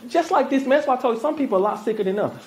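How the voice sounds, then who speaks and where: A woman pastor with a Southern US accent, preaching a sermon in an animated, conversational way that calls out to the congregation. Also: a little high, rapid-fire.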